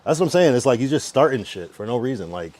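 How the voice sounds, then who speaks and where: A man's voice: medium pitch, big pitch swings, fast talker, a little mellow. Irritated young man ranting on stream. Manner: irritated, ranting at chat, heavy swearing. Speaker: livestreamer. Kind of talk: casual livestream chat.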